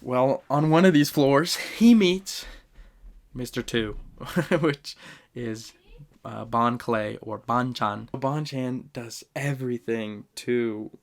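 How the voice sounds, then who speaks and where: A man talking casually on his podcast at a mid-range pitch for a male voice. His storytelling is lively and slangy, jumping between loud bursts and soft asides as he speaks straight to his listeners. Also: takes it slowly. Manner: slangy, addresses listeners directly. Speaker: podcast host. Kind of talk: casual fan ranking talk.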